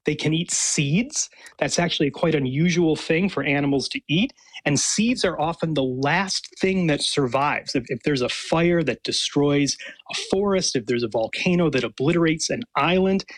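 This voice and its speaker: Husky guy a bit high pitched, excited, explains fossils stuff with little laughs, dry sound. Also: a little slow, no room sound. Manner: enthusiastic, explanatory, laughs often. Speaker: paleontologist and professor. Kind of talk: radio interview answers.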